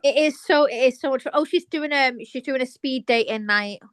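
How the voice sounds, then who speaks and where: A woman's voice: sits high, a little fast. Playful, laughing woman on radio. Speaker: radio show co-host and singer. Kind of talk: casual late-night radio banter. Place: radio studio.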